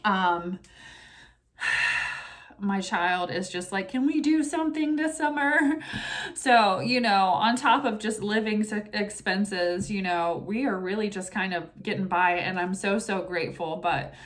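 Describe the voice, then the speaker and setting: A woman's voice: mid-range voice, slow, fairly bright tone. Woman tarot reader, chatty and casual, recites protective prayers. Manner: chatty, with many asides like "you know" and "right?". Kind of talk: casual chat and tarot reading.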